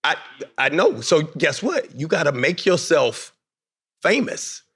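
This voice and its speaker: A man's voice: fairly high pitch, big pitch swings, slow, fairly bright tone, slightly rough. A man moderating a panel, energetically quizzing young basketball players and coaxing answers.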